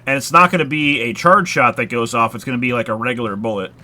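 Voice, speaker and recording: A man's voice: mid-range voice, fast, pushed and bright. A man casually chatting while he streams a horror game live, rambling with lots of filler words and casual swearing. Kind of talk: casual live gameplay chat.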